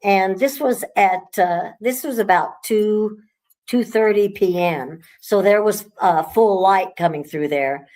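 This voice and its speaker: A woman who owns a haunted house, chatting casually in a relaxed, rambling way with frequent restarts. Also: mid-range voice, slow. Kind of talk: casual conversation.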